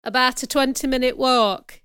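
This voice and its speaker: A woman reading a storybook, voicing a calm, plain-spoken old innkeeper in a bright, clear voice. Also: high voice, moderate pace, dry recording, studio quality. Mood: matter-of-fact.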